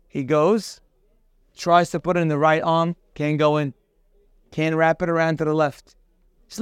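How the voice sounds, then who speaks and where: High-voiced man telling a parable. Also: moderate pace, long pauses, clean tone, no room sound, studio quality. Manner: animated storyteller acting out dialogue. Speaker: Torah teacher. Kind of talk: storytelling lesson with a parable.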